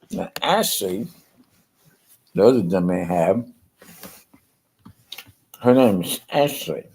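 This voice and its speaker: Man, very low voice, unhurried, rambling live-stream chat, lots of ums and restarts. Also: darkish tone, a little hiss or hum, low-quality recording. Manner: chuckles often between thoughts.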